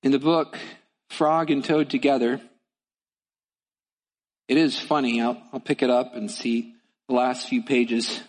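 Male pastor, mid-pitched, punchy repetitive preaching in a reverberant church. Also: flat delivery, measured pace, pauses often. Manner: emphatic, repetitive preaching cadence. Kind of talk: sermon.

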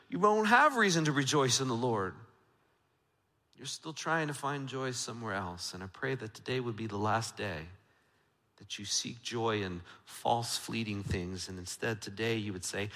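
Male pastor, bright and forceful, preaching in a church with a long echo, dropping from emphatic to hushed. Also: medium pitch, animated, normal speed. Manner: swings from loud emphatic to hushed intimate. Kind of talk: sermon. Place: church sanctuary. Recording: church sanctuary with long reverb.

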